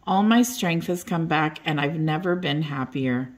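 An older woman reading a children's bedtime story aloud in a gentle, expressive way. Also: sits low, measured pace.

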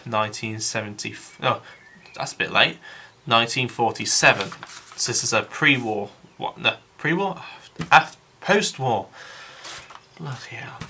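A man's voice: medium pitch, vocal fry, pushed and bright, slight background noise. A man giving a casual, rambling review of a model kit, thinking aloud with frequent restarts and calling his viewers guys.

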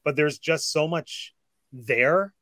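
A man's voice: on the high side, slow pace, a bit bright, dry recording. A man hosting a casual discussion, talking enthusiastically and gushing with frequent fillers. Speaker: host.

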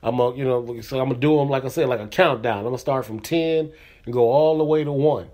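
Speaking quickly in a mid-range, somewhat dark voice, a middle-aged podcast host riffs casually on his own comedy show. It's a loose solo monologue full of "you know what I'm saying" fillers.

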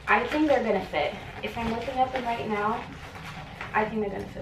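A chatty young woman talks through an unboxing vlog at home, gushing over each item. She sits back from the camera in a roomy, echoey space. Steady household noise runs behind her voice. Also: fairly high pitch, brisk, recorded from a distance. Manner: chatty and gushing, lots of "like" and "oh my god". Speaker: beauty vlogger. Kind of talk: casual vlog chat while unboxing.

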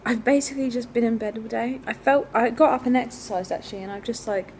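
A woman's voice: fairly high pitch, fast talker, a little mellow, slight background noise. A young woman in her twenties, chatting casually to camera in a rambling travel vlog, with lots of fillers. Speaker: vlogger.

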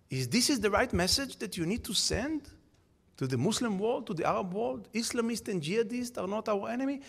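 A man with a notably high voice gives a prepared talk on a conference panel. He argues emphatically and keeps asking rhetorical questions. His delivery stays firm and lecturing throughout. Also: fairly bright tone. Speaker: panel speaker.

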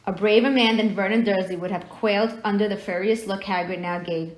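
A woman reading a novel aloud, narrating the story in a steady storytelling manner. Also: medium pitch, a little fast. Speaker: reader.

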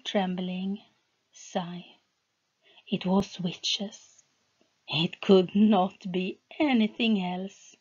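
A woman reading a fantasy novel aloud as scripted narration, in a measured way. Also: mid-range voice, darkish tone, muffled recording. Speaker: audiobook reader.

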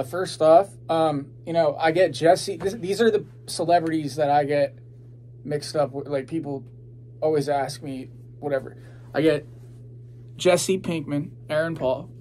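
A man's voice: a little high, takes it slowly, slight background noise. A young man chatting casually as a podcast host, rambling with lots of fillers and swearing freely. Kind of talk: casual chat.

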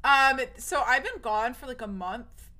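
A woman's voice: high-pitched, expressive, measured pace, pushed and bright. A young woman streamer chatting casually with her viewers, rambling and restarting a lot, nervous, with her voice cracking. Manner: rambling, restarts often, swears. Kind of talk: casual chat with live viewers.

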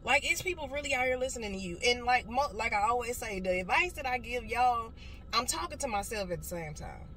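A woman's voice: on the high side, expressive, brisk, poor audio. A woman in her late twenties, a motivational speaker, telling a blunt and profane story in a casual car vlog. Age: late 20s. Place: inside a car. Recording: loud car noise behind. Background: car noise.

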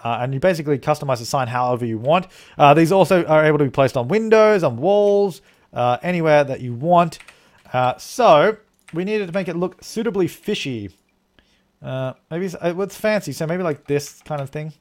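An Australian man streams a game live, his voice on the high side, expressive, and at normal speed. He rambles and thinks aloud as he plays, giving live gameplay commentary and thanking viewers for donations.

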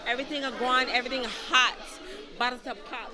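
Excited woman at a noisy party. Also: fairly high pitch, quick pace, crowd noise.

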